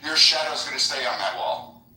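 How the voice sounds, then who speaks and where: A man's voice: mid-range voice, lively intonation, moderate pace, a crowd in the background. A man in a live voice chat delivering an aggressive, mocking, profane insult rant. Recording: echoey, distant, faint music behind.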